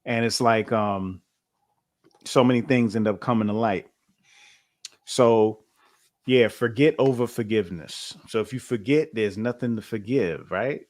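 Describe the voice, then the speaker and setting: A man's voice: fairly low pitch, measured pace, darkish tone. A man co-hosting a podcast in casual chat, loose and conversational, with many fillers and restarts. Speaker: podcast co-host.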